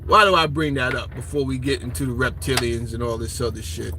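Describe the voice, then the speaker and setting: A man's voice: medium pitch, fairly even intonation, fairly quick, sharp tone, slight background noise, poor audio. A man giving a profane, ranting lecture, taunting and quizzing his listeners in a confrontational way. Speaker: online lecturer.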